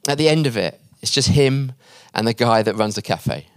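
Male preacher at a conference, mid-pitched, dry close mic, storytelling sermon that goes soft at the moving parts. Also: expressive, clean tone, no echo. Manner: acts out quoted voices in the story; drops quiet and slow at emotional points. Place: conference hall.

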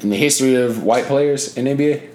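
A man's voice: mid-range voice, fast talker, mellow, reverberant, a little hiss or hum. A young man in casual basketball chat, blunt and opinionated.

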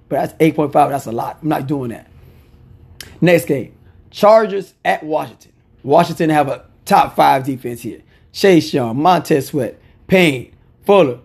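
A man with a fairly high, gravelly voice rattles off his football betting picks. He is casual and opinionated, and he repeats short phrases to hammer home his point. The tone is loose and conversational. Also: darkish tone. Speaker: sports picks commentator.

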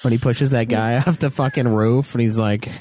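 A man's voice: mid-range voice, moderate pace, a little hiss or hum. A man co-hosting a podcast in casual chat, laughing often and swearing. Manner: animated, laughing, profane. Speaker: podcast co-host.

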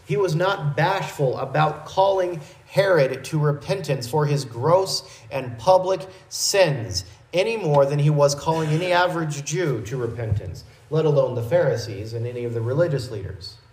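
A man preaching a verse-by-verse Bible teaching in a measured, explanatory way, with small restarts. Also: a little high, animated, darkish tone, echoey room, rough recording.

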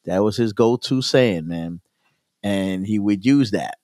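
A man's voice: lowish voice, unhurried, dry recording, clean studio sound. Easygoing laughing male podcast host. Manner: relaxed, laughing often, peppered with "you know". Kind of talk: casual chat.

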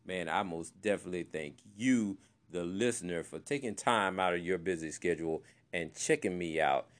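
A man's voice: low voice, moderate pace. A man hosting his own podcast, talking loosely and chatting away, with "man" in nearly every sentence. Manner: loose and chatty, says "man" constantly, many fillers. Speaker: podcast host. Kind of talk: casual solo podcast talk.

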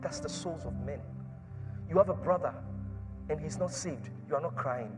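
A man preaching a sermon in church, repeating phrases and swinging from hushed tones to shouts. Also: fairly high pitch, moderate pace, music in the background.

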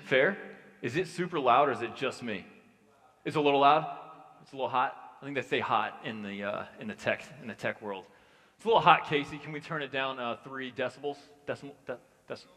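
A man's voice: medium pitch, a bit bright. A man preaching as pastor in a casual sermon, chatty and joking in his asides. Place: church hall. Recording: long hall reverb.

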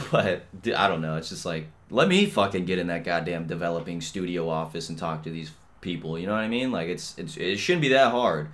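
Profane, ranting young man, lowish voice. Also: expressive, a little fast, fairly bright tone. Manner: profane, blunt, heavy on filler and "you know what I mean". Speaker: podcast host. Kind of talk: casual rant.

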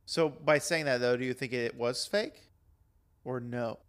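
A man's voice: mid-range voice, unhurried, fairly bright tone, clear, resonant tone. A man co-hosting a casual podcast, rambling and laughing often as he chats. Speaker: podcast co-host. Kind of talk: casual chat about wrestling.

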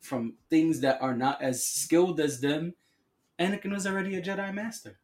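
A man's voice: fairly high pitch, moderate pace. A man co-hosting a casual podcast chat, talking in slang and acting out quotes with lots of energy. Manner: slangy, animated, acts out quotes. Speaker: podcast co-host.

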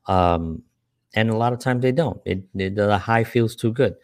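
A man's voice: fairly low pitch, moderate pace, no room sound, clean studio sound. A man who works with a church, telling earnest, rambling personal stories with many rhetorical questions. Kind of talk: personal storytelling talk.

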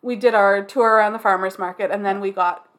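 A woman co-hosting a podcast, chatting casually in a relaxed way with dry asides. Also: mid-range voice, a little fast. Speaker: podcast co-host. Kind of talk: casual chat.

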